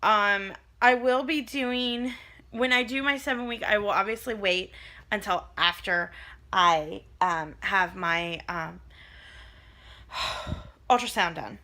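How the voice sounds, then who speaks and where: A woman's voice: medium pitch, slow pace, long pauses, bright, forceful tone. A young woman chatting casually in a home vlog update, rambling with lots of ums and restarts. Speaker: vlogger.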